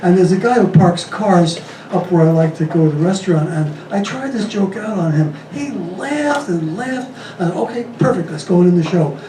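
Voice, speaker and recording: A man doing stand-up comedy, rattling off deadpan jokes and chuckling at his own punchlines on a comedy club stage. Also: high-pitched, moderate pace. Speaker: stand-up comic. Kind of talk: stand-up joke telling. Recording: echoey club, distant mic, faint room noise.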